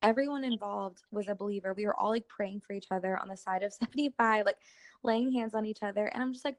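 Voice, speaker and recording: Chatty young woman with slight fry. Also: mid-range voice, fairly even intonation, fast talker, dry recording. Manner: earnest, chatty, fillers like "like". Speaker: podcast co-host. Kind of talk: casual faith podcast chat.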